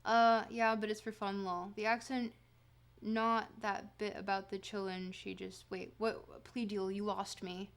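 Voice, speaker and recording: A woman's voice: mid-range voice, little pitch movement, a little slow. A woman streamer reading philosophy aloud on a livestream in a put-on reading accent. She stumbles and corrects herself, then breaks off for playful, self-mocking asides to her chat.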